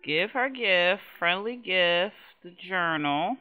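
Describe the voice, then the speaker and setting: A woman hosting casual gameplay commentary, talking straight to her viewers with lots of swearing. Her pitch leaps up and down as she reacts. The audio is dull and lo-fi. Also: takes it slowly, faint music behind. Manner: animated, exasperated, swears freely, chats to viewers. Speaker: gaming channel host.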